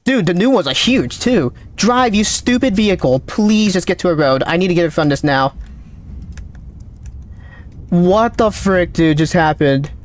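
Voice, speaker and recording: A man streaming a game live, calling out readings with excited running commentary, his voice cracking. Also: sits high. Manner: excited, calls out numbers rapidly. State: voice cracking, thirsty. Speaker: gaming streamer.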